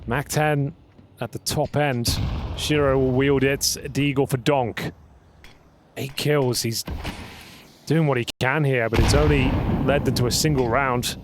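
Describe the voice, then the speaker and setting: A man's voice: mid-range voice, fairly even intonation, a little slow. Man casting an esports match over game noise. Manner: dry, teasing banter between calls. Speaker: esports caster. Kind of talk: play-by-play commentary. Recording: broadcast mix with game sounds underneath.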